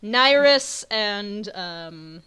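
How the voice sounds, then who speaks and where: A woman's voice: medium pitch, animated, extremely slow, noisy background. A woman, narrating a tabletop game as game master in a casual way, with lots of fillers. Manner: casual, laughing, filler-heavy.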